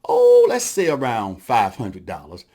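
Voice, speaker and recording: A man voicing a boastful, sly little male trickster rabbit in a told folktale, smooth-talking and full of brags. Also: medium pitch, huge pitch swings, a little slow, warm tone, voice pushed down. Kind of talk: storytelling performance.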